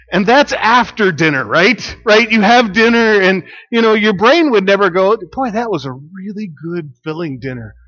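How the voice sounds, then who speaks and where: A man's voice: high voice, a bit bright, highs cut off. A man preaching a sermon as pastor, telling stories in a chatty way with fillers and laughter.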